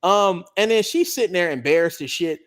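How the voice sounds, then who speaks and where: A man telling a story in casual chat, animated and profane, acting out the other people's lines. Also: sits high, a little fast, smooth.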